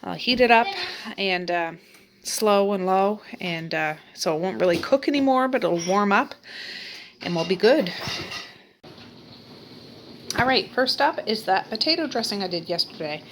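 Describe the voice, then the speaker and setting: A woman's voice: mid-range voice, animated, a little slow, long pauses, background noise. Chatty woman vlogging her holiday cooking. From Nova Scotia, Canada. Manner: chatty, laughs often. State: out of breath. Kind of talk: casual cooking vlog. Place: home kitchen and attic.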